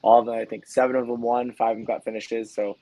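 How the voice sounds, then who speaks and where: A man's voice: medium pitch, little pitch movement, mellow, no echo, poor audio. A man from New England, a coach guest on a casual podcast, talking with many restarts. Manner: fast, rambling, many restarts.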